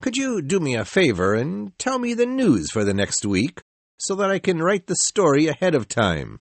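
A man's voice: a little high, huge pitch swings, normal speed, no echo, pitched above the performer's own voice. A man reading the lines of a male journalist who teases and mocks, in a storybook. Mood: teasing. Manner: teasing and mocking.

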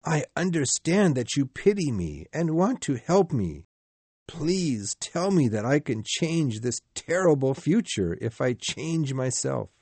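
A man's voice: medium pitch, big pitch swings, takes it slowly, a little mellow, husky, no echo, pitched above the performer's own voice, exaggerated voice. A man reading a storybook and voicing a frightened old miser who begs and cries out. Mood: earnest. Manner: pleading, rising to anguished cries.

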